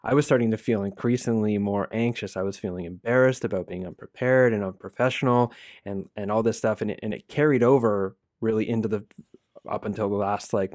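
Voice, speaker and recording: Low-voiced man hosting a podcast. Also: no echo, studio quality. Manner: reflective, rambling, candid. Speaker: podcast host. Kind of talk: conversational interview.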